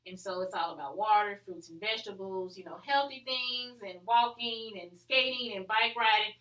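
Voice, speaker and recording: A woman's voice: mid-range voice, normal speed, sharp tone, echoey room, poor audio. A woman hosting her own podcast, talking casually and upbeat with plenty of fillers. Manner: chatty and upbeat, many fillers. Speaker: podcast host. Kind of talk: casual solo podcast talk.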